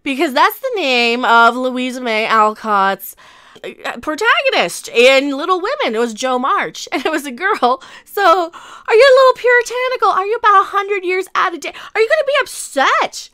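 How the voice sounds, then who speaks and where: Sarcastic, high-voiced ranting woman. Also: bright, forceful tone, dry recording, studio quality. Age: 40s. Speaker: vlogger. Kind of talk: rant commentary.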